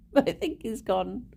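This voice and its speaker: A woman with a fairly high, dark-toned voice and vocal fry live-streams, chatting casually with her viewers. She giggles often and talks to both her chat and her pets.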